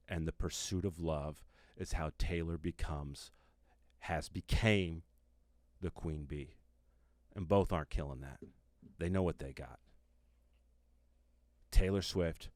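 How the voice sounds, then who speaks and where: A man hosting a comedy podcast, giving a mock-serious monologue with dramatic pauses and muttered asides. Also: a bass voice, no room sound. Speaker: comedian host.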